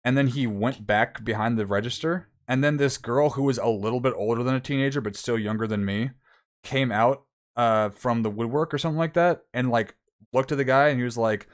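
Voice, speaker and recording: A man's voice: medium pitch, brisk. Young man rambling through a story. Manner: rambling, many "like" fillers, quoting others. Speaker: streamer. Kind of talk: casual storytelling.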